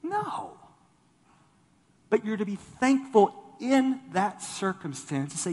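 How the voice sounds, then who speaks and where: A male pastor preaching a sermon, rising to loud bursts and dropping low, often repeating words as he starts a thought. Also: takes it slowly, in a large hall. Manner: animated preaching, voice swelling then dropping low.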